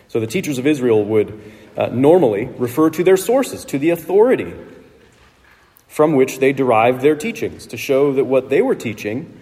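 A man preaching a sermon in a relaxed, conversational way, with asides to the congregation. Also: mid-range voice. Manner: conversational, with asides and light laughs. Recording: long reverb of a large hall.

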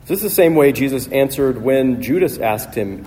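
A man's voice: medium pitch, animated, moderate pace, hardly any pauses, dark tone. Man preaching in a reverberant hall. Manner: emphatic preaching with rhetorical repetition. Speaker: pastor. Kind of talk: sermon. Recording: long hall reverb, faint noise.

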